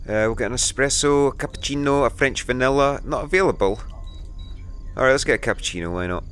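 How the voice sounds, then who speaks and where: A man's voice: medium pitch, quick pace, fairly bright tone, slight background noise. A man giving let's play commentary on a horror game, jumpy and swearing as he talks to himself. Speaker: gamer.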